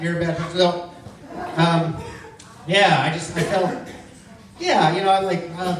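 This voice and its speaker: A man's voice: a little high, measured pace, long pauses, background noise. A man doing a stand-up comedy set, telling profane stories in a loose, rambling way. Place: comedy club stage. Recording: echoey club from far off with crowd. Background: audience laughter.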